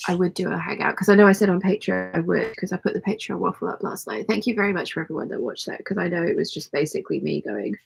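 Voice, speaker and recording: Croaky, hoarse woman chatting while sewing. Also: on the low side, steady tone, fast, few pauses. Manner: rambling, self-deprecating, chatty. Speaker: sewing livestream host. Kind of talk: casual chat to live chat while sewing. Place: home sewing studio.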